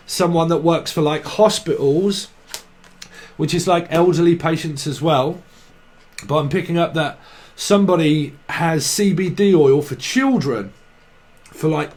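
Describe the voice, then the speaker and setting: A man giving a loose, free-associating tarot reading, riffing on words and laughing at himself. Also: a little high. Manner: free-associating wordplay, giggly asides. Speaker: tarot reader. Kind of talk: rambling tarot channelling monologue.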